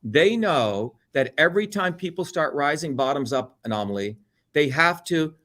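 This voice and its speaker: Middle-aged man, blunt heated political talk, slightly high-pitched, mimics others, swears freely. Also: lively intonation, moderate pace, fairly bright tone. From India. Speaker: interview guest.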